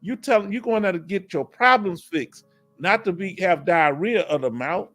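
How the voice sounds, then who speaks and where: A man from Houston with a Texas accent, hosting a casual livestream Q&A through a headset, animated and laughing often with folksy slang. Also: high voice, moderate pace, faint music behind. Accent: Southern US, Texas. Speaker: livestream host reading chat.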